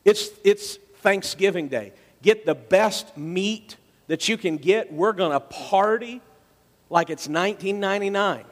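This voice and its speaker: A male pastor, preaching a sermon with dramatic storytelling that swings between loud passages and quiet ones. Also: high-pitched, unhurried, in a large hall.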